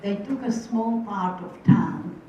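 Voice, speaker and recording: Older woman from Hungary, mellow wry storyteller, heard from afar in a dull, echoey hall. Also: medium pitch, slow, far from the mic, slight background noise. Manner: wry, vivid storyteller who quotes voices. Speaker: Holocaust survivor speaker. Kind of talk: personal storytelling talk.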